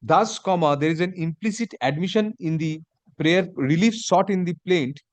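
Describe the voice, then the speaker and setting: Judge, man, dictates orders slowly with spoken punctuation, higher voice, dry close sound. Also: dry recording. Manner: measured dictation, reads punctuation aloud. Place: courtroom.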